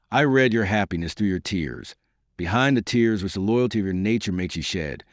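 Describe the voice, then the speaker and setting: A man's voice: on the low side, no room sound, clean studio sound, lightly acted. A man voicing a heartbroken young nobleman who speaks with grave, earnest dignity in an audiobook.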